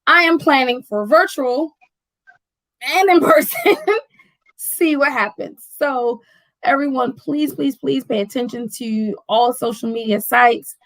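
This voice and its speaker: Animated high-voiced bookstore owner. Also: female voice, slow pace, no echo, rough recording. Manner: animated storyteller, acting out quoted dialogue; fills speech with "like" and "right?". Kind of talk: casual chat.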